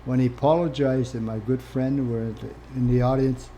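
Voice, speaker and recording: An older Canadian man who was once a First Nations chief recounts his life story as an interview guest, speaking candidly and plainly, shifting between quiet and animated moments. His voice is mid-range and a little fast, with slight background noise.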